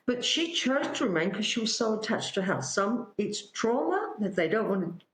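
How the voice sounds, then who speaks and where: A psychic guest from Australia tells stories with lively energy in conversation, speaking out the dialogue in a mid-range voice at a moderate pace. The recording is reverberant and rough.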